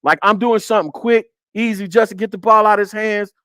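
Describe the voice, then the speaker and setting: A man's voice: high-pitched, steady tone, a little fast, fairly bright tone, clear, resonant tone, no room sound. A man hosting a casual football film breakdown on a live stream, repeating his points and talking to the chat.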